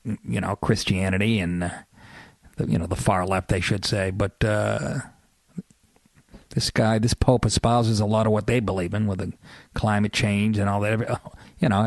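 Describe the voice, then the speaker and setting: A man's voice: fairly low pitch, no echo, clean studio sound. A man with a Boston accent, a comedian hosting his podcast in a profane, rambling comic monologue. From Massachusetts.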